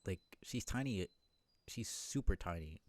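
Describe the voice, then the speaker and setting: A man's voice: low voice, lively intonation, a little slow, no echo. A man streaming a game live, chatting in a rambling, self-deprecating way with lots of fillers.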